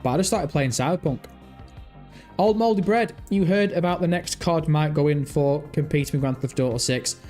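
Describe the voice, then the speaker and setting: A man's voice: a little high, normal speed, darkish tone, soft background music. Rambling man chatting on stream. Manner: rambling, thinks aloud, reads chat and search results. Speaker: gaming livestream host. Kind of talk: casual livestream chat.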